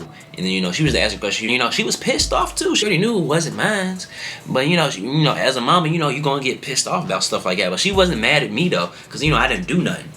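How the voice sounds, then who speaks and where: A young man vlogger telling a story in casual slang. His voice jumps up in pitch when he acts out what people said. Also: fairly quick, faint music behind. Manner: animated, slangy, jumps high in pitch when acting out quotes.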